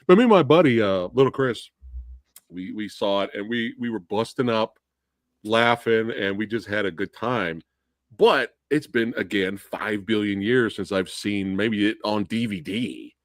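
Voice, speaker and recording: A man hosting a casual movie discussion show, excitable and laughing often as he talks. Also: fairly low pitch, unhurried, no room sound, clean studio sound. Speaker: podcast host.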